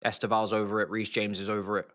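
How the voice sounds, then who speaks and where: A young man hosting a live football watchalong, muttering reactions that flare into loud outraged shouting. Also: lowish voice, flat delivery, fast talker. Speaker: livestream football watchalong host. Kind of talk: live match watchalong commentary.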